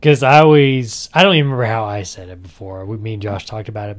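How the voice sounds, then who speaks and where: A man's voice: mid-range voice, brisk. A man hosting a podcast in a casual chat, talking in a chatty, rambling way and often laughing. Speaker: podcast host.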